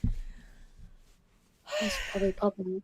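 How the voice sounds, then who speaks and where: A woman's voice: takes it slowly, noisy background, close to an everyday voice. A woman voicing an anxious, earnest young woman in a tabletop role-play, talking hesitantly, with restarts and trailing ends. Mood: worried. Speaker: player voicing a young grandchild character.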